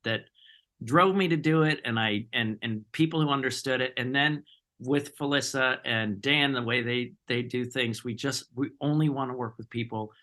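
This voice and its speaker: A man being interviewed as an actor guest, an animated storyteller who acts out what others said. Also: medium pitch, normal speed. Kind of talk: casual podcast interview.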